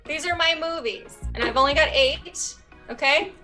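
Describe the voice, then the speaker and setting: A woman's voice: sits high, normal speed, sharp tone, soft background music. A woman on a panel, chatting casually and a bit hurriedly about her picks, with a laugh in her talk. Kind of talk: casual chat.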